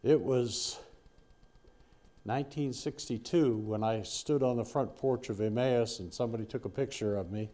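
A man's voice: medium pitch, moderate pace, dark tone. An older man preaching a Bible-study sermon in a folksy, rambling way, with asides to his listeners.

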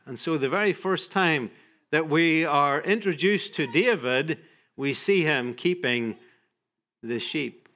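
Man, preacher, sermon, unhurried delivery, somewhat high pitch, softly falling phrase endings. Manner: slow, measured, drops soft at phrase ends.

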